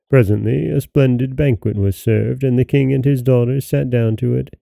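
A man narrating a fairy tale as a podcast host, in a measured, expressive way. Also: medium pitch, vocal fry, dry recording. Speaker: storyteller host.

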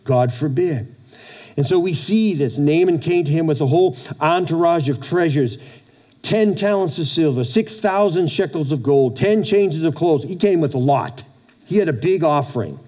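Mellow-voiced preacher, man retelling a story. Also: a little high, expressive. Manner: storytelling, acts out the characters' lines; halting, repeats words. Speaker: pastor. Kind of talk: sermon.

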